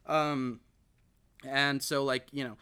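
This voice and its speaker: A podcast host recaps a film in a casual, rambling chat full of fillers and restarts, quoting the characters. His medium-pitched voice is flat, slow, pushed and bright, with a clear, resonant tone.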